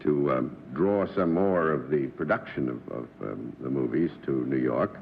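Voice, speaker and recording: A man's voice: a bass voice, moderate pace, gravelly. A man hosting a live TV game show, formal and genial. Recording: dull old TV broadcast with faint hiss.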